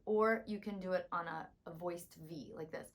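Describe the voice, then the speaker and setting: A woman voice teacher with a tired, hoarse voice and a slight rumble, calmly explaining and demonstrating a vocal warm-up. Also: moderate pace. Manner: calm, instructive, demonstrating exercises.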